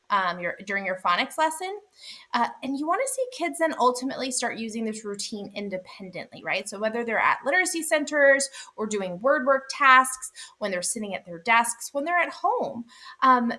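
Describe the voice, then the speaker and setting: A woman with a bright, ringing, fairly high voice walks fellow teachers through a classroom method. She keeps it casual and upbeat, dropping fillers and frequent "right?" check-ins. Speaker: literacy teacher trainer.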